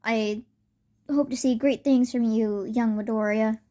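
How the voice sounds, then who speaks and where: A kindly grown-up superhero mentor, easygoing and encouraging with a young fan, as a woman voices him. The voice stays near her own fairly high speaking voice, without much of a put-on. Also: fairly even intonation, measured pace, dark tone, lightly acted. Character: confident adult male top superhero, kindly mentor.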